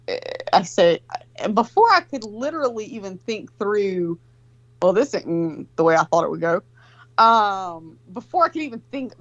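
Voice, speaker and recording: A woman's voice: medium pitch, a bit bright, dry recording, lo-fi sound. A woman in her forties telling a long, profane, rambling story in casual chat.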